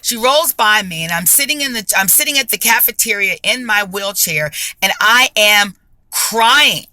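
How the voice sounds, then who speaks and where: A woman giving a spoken faith testimony, emphatic and deliberate, repeating phrases for stress. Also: medium pitch, animated, pushed and bright, no room sound. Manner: slow and deliberate.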